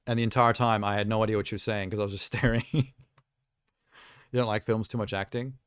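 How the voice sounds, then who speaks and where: A young man hosts a live stream in an easy, rambling chat, full of self-amused asides. His voice sits on the low side and sounds smooth and clear. The sound is close and dry, with almost no room echo. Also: little pitch movement, fast talker. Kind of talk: casual chat while reacting to trailers.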